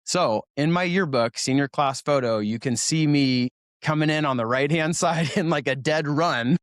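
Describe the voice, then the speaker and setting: A man in his forties from Oregon speaks at a moderate pace with a fairly high-pitched voice, captured in clean studio sound without echo. In a relaxed interview, he tells stories about his school years, laughing and making jokes at his own expense.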